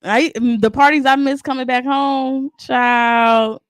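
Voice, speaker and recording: A young woman co-hosting a podcast, telling animated stories, acting out quotes and laughing often. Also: sits high, slow, smooth, dry recording, studio quality. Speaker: podcast co-host. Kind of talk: casual chat.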